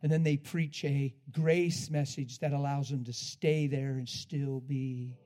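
A man preaching a sermon in an animated way, laughing often and swinging between loud, drawn-out lines and hushed ones. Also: mid-range voice.

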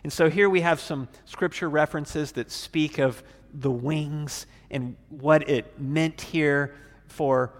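A man preaching as a pastor, teaching through a Bible passage in a relaxed, casual way, acting out the characters' lines. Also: on the high side, takes it slowly, big-room sound.

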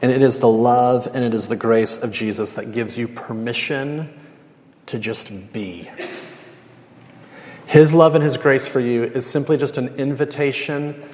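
A man's voice: mid-range voice, unhurried, a little mellow. Man preaching casually in a reverberant hall. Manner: conversational storytelling with casual slang. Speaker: campus minister. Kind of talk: sermon.

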